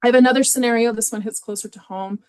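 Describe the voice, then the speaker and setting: A woman's voice: a little high, steady tone, fast, darkish tone, clean tone. A woman presenting an educational webinar on caregiver stress, speaking conversationally with frequent fillers and restarts. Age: adult with children in youth sports.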